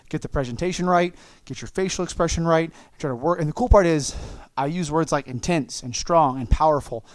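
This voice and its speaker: A man's voice: a little high, no echo. Upbeat man coaching a martial arts class. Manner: coaching, encouraging, calls out moves and kiai shouts. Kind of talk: online class instruction.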